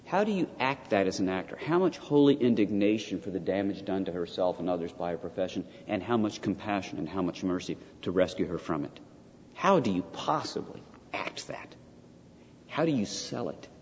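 An older man delivers a theology lecture in a fairly low voice, pressing his points with repetition and rhetorical questions. The recording is dull and lo-fi. A long reverb trails behind him, as in a large hall. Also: darkish tone, a little hiss or hum. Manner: emphatic, repeats key points, rhetorical questions.

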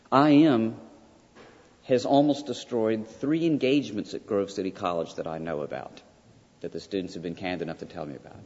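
Husky low-voiced male professor lecturing. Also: a little mellow. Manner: emphatic, peppered with "right?" asides. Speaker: college professor. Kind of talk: classroom lecture. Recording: dull lo-fi sound with long hall reverb.

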